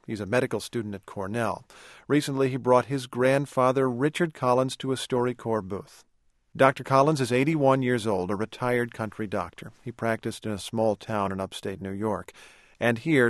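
A male radio host reading a scripted introduction in a measured, even delivery. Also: medium pitch, no echo, clean studio sound. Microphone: studio mic.

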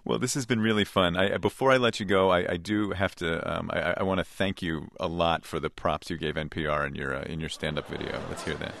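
A man hosts a public radio interview in a measured, unhurried way, and laughs easily. His voice is very deep. The studio sound is close and dry. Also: steady tone, vocal fry, a bit bright, no echo. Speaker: radio news host. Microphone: studio mic.

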